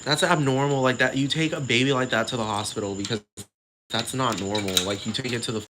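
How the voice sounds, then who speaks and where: A man delivering a sassy, profane comedic rant, rambling fast with plenty of attitude. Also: medium pitch, fairly even intonation, background noise.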